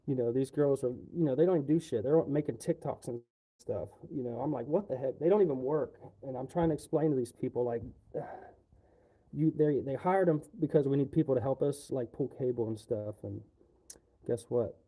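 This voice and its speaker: Dark-voiced man ranting casually. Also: medium pitch, a little fast, slightly rough. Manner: profane, rambling complaints. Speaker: livestreamer.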